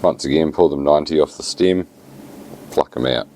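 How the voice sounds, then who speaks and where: A man with a New Zealand accent talking casually through a fly tying tutorial, relaxed and plain-spoken with many fillers. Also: rumbling low, moderate pace, slight background noise.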